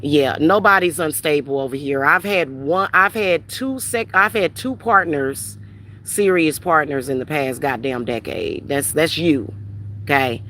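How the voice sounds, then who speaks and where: A woman's voice: sits low, a little slow, fairly bright tone, slight background noise. A heated, profane woman ranting on a livestream. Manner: reads out viewer comments and retorts. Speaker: spiritual reader hosting a livestream. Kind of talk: livestream rant answering chat.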